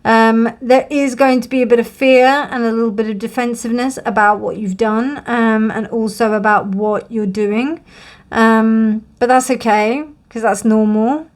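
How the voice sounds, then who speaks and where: A woman's voice: fairly high pitch, steady tone, a little slow, few pauses. A woman giving a tarot card reading to camera, musing and reassuring as she thinks aloud with many fillers and frequent yawns. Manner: yawns often during readings. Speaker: tarot reader.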